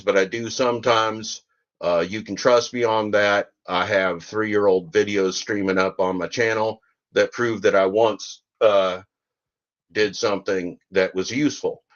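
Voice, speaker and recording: A man putting on a smug, scornful gig-driver video maker in a slow, mocking voice. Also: lowish voice, lo-fi sound, natural voice. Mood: sneering.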